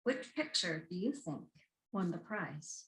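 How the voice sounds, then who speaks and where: A woman's voice: fairly low pitch, animated, a little slow, fairly bright tone, poor audio. A woman minister giving a sermon, emphatic and repeating her key phrases.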